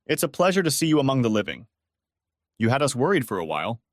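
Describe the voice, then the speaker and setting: A man's voice: mid-range voice, big pitch swings, fast, dry recording, clean studio sound, close to an everyday voice. A man voicing a kind British woman nurse who talks in a soothing, reassuring way. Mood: kindly reassuring.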